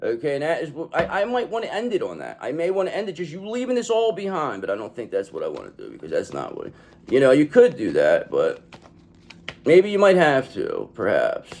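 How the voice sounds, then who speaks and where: A man's voice: wildly swooping pitch, fairly quick, a little mellow, slight background noise. A man reading tarot cards in a streetwise, gangster-style monologue, often tagging "okay?" onto his lines. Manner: acts out pleading enemies in a high voice. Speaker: tarot reader.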